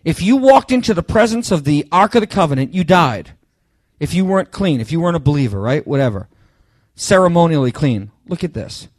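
A man's voice: a little high, big pitch swings, dry recording. Emphatic preacher man, dry close sound. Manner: emphatic, rising to loud bursts on key phrases; halting restarts, addresses listeners directly. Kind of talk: sermon.

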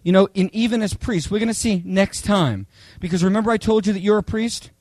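A man preaching a Bible study, telling humorous personal stories in a chatty, animated way, often checking in with "okay?". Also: high-pitched, a little fast, dry recording. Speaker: pastor teaching a Bible study.

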